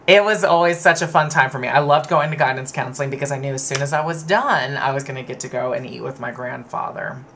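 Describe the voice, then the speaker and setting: A man's voice: mid-range voice, fast, few pauses, pushed and bright, a little hiss or hum. Candid rambling man telling stories. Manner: candid, rambling, laughs at himself. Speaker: vlogger. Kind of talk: personal storytelling to camera.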